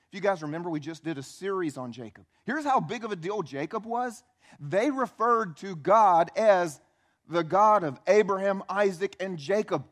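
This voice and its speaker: A man preaching a sermon as a pastor, telling the story in an animated, conversational way, acting out quotes and asking the audience questions. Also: high-pitched, normal speed.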